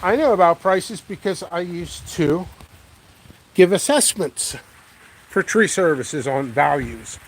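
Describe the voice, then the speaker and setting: Strolling through his windy backyard, a pepper grower who hosts his own channel thinks aloud and rambles easily in a casual vlog. His voice sits high with lively intonation and a slow pace, over light wind and outdoor noise.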